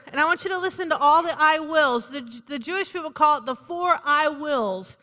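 A woman's voice: high-pitched, normal speed, bright, forceful tone, big-room sound. A woman pastor preaching a sermon in a conversational, joking way, punctuated by calls of "Amen.".

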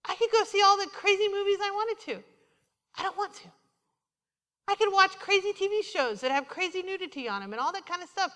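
A woman with a very high voice preaches a little fast in a large hall, a church sanctuary. Her sermon is animated storytelling from her own life, where she quotes herself and others and acts out their words.

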